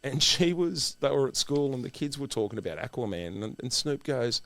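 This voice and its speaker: A middle-aged man co-hosting a podcast, telling anecdotes in an animated way. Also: medium pitch, fairly quick, dry recording. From Australia. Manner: animated storyteller, acts out quoted voices. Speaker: podcast co-host. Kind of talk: casual chat, anecdotes.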